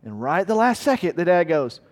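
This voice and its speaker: A man's voice: on the high side, big pitch swings, fairly quick, a little mellow. A man preaching a sermon in a church hall, earnest and emphatic, telling a story and repeating words for weight. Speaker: pastor. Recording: long hall reverb.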